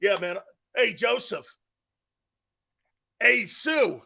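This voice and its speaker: A man hosting a sports talk show, riffing casually in a mocking way, laughing often and slipping into quick impressions of others. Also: high voice, expressive, creaky, bright, forceful tone.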